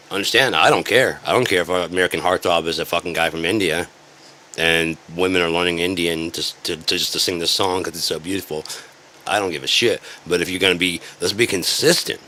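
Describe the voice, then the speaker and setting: A deep, forceful male voice delivering a sarcastic, rambling rant. He swears freely and jumps from point to point like an online commentator sounding off. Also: fairly quick. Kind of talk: ranting commentary.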